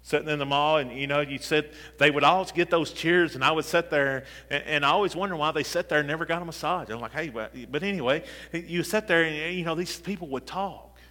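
A man preaches a sermon, his fairly high voice rising in fervor as he repeats "listen" and restarts his lines. His tone is bright and forceful. The recording carries a long hall reverb from the church. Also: brisk, hardly any pauses. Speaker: pastor. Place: church sanctuary.

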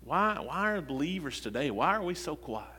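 A man preaches a sermon, his fairly high voice rising in fervor as he repeats "listen" and restarts his lines. His tone is bright and forceful. The recording carries a long hall reverb from the church. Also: big pitch swings, moderate pace, breathy edge. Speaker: pastor. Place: church sanctuary.

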